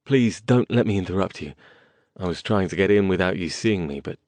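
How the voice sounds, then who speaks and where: A drained sorcerer in a rush, brushing off concern in clipped, courteous sentences, as a male narrator voices him. His voice sits low and the sound is close and dry. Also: darkish tone, dry recording, close to an everyday voice. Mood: weary, urgent. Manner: clipped, hurried, apologetic. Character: tired, hurried English mage, adult man, polite but evasive.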